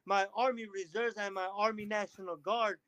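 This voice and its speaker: A man talking as a podcast guest, telling energetic stories and acting out what others said to him. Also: high-pitched, normal speed, dry recording, rough recording. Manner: energetic storytelling, quotes others in lively bursts. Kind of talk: casual interview chat.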